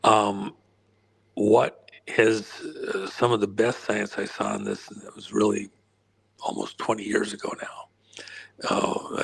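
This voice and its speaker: Interview guest, male, losing his voice, husky and unhurried, lots of ums and throat clearing. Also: lowish voice, rough recording. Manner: frequent throat clearing and filler pauses. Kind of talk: rambling explanatory interview answer.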